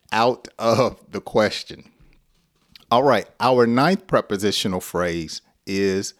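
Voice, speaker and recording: A middle-aged American man teaching an English lesson on a live stream, playful, acting out example sentences. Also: lowish voice. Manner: slow, playful, acts out example lines with laughs.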